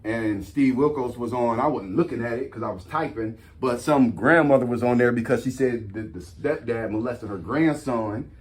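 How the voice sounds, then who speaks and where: A man hosting a casual talk, reading points from a list and breaking off into animated, slangy stories told straight to his audience. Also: medium pitch, normal speed, hardly any pauses. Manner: animated storytelling, slangy, addresses audience as y'all. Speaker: host.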